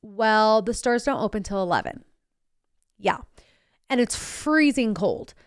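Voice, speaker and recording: This podcast host, a young woman, unhurriedly spins a chatty story with sarcasm and bubbly energy, acting out the people she quotes, herself included, in lively voices. The medium-pitched voice sounds clear and resonant, with clean studio sound and no echo.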